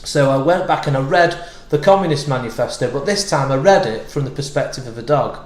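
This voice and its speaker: A man's voice: mid-range voice, a little fast. A man who is a comedian, chatting loosely as a podcast guest, rambling and restarting his thoughts. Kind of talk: casual podcast chat. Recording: roomy echoey room.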